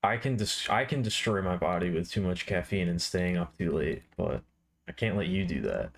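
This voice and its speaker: A man's voice: deep voice, animated, normal speed, gravelly. A man streaming live while he draws, chatting casually and playfully with viewers. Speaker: art streamer.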